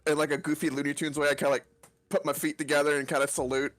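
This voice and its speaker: A man's voice: fairly high pitch, little pitch movement, very fast, a bit bright, no room sound, soft background music. A man playing in a tabletop game, rambling as he describes his character's actions and laughing often. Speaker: player.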